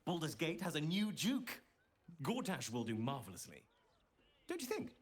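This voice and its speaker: A gloating, breathy nobleman. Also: a little high, wildly swooping pitch, normal speed, full character voice.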